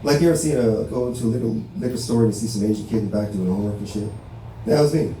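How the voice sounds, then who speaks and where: Racing through his material, a Los Angeles stand-up comedian with a low-ish, mellow voice tells casual, profane stories at a barbershop show, ending lines with "right?". The recording carries a little hiss or hum, with a distant mic in a very echoey space.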